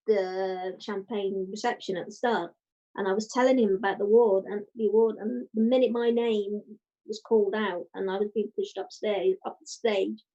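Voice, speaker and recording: A woman guest chatting in a casual interview, telling a story with lively quoted voices. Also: medium pitch, highs cut off. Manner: animated storytelling, quoting others. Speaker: guest, writer and podcaster.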